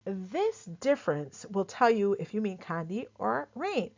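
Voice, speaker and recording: A woman from Barbados with a lightly softened Barbadian accent, chatting casually as she explains, full of quick examples and asides. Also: mid-range voice, very animated. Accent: Barbadian, softened for clarity. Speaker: culture explainer host. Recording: dull lo-fi sound.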